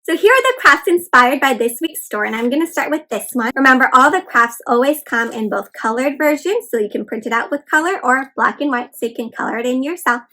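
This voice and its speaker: Brief: woman, high-pitched kids' read-aloud host, encouraging sing-song teacher. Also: expressive, a little fast, hardly any pauses, pushed and bright, rough recording. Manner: encouraging, repeatedly addresses listeners as friends; bouncy sing-song teacher delivery with counted prompts. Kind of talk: teaching young children after a read-aloud.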